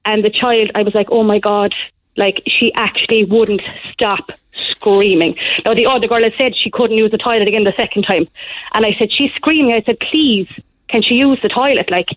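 A young woman calling in to a radio show, telling a story in an animated, breathless rush. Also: medium pitch, normal speed, dry recording. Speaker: caller. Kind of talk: phone-in call to a radio show. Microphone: phone. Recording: tinny phone line.

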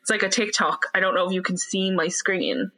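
A woman's voice: mid-range voice, fairly even intonation, brisk, bright, forceful tone, poor audio. A woman co-hosting a podcast, chatting casually over a video call, laughing often and swearing freely. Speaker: podcast co-host. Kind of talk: casual chat. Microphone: laptop on a video call.

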